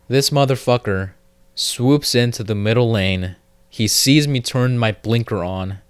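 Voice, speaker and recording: A man's voice: medium pitch, a little slow, smooth, no echo. A man hosting a solo podcast, telling a rambling, profane story full of fillers and restarts. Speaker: podcast host. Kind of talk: casual solo podcast monologue.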